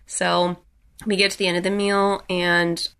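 A woman's voice: lowish voice, level tone, unhurried, fairly bright tone, clear, resonant tone. A young adult woman recounting a personal story in a casual way, with frequent "like" and restarts.

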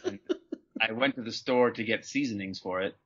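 A man co-hosting a comedy film podcast, rambling and halting through deadpan jokes. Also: on the low side, slightly rough. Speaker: podcast co-host. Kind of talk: casual comedic chat. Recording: dull lo-fi audio.

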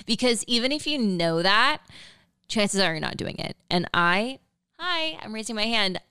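A woman's voice: mid-range voice, very animated, moderate pace, pushed and bright, clear, resonant tone, dry recording, clean studio sound. A young woman hosting a solo podcast, chatting casually and upbeat with lots of fillers and a valley-girl lilt. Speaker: podcast host.

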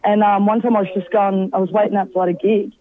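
A woman comedian chatting on a radio show, telling animated anecdotes and laughing often. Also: mid-range voice, fast talker, narrow, tinny audio. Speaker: comedian guest. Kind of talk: casual radio chat, storytelling.

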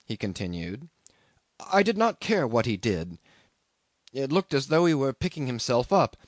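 A man voicing a haunted young sailor, quiet and low. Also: no echo, lightly acted. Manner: quiet, flat, low-voiced telling. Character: shaken young male sailor, hollow and haunted.

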